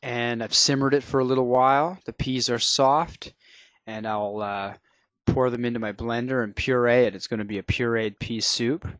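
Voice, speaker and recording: A man hosting a cooking show, explaining each step in a relaxed way with frequent fillers. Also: medium pitch, normal speed, no echo. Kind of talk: cooking demonstration.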